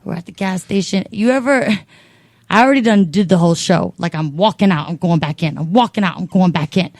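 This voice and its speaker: A woman's voice: on the low side, fairly quick, vocal fry, no room sound. Woman ranting thru a funny story, lots of swearing, acts out every voice, dry close sound. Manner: animated, profane, acts out voices in her stories. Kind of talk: comedic storytelling.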